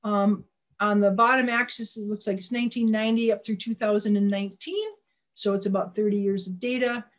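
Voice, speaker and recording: Folksy woman giving a slide talk. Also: mid-range voice. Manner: conversational, with frequent restarts and calls for the next slide; folksy, plainspoken. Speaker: wildlife presenter.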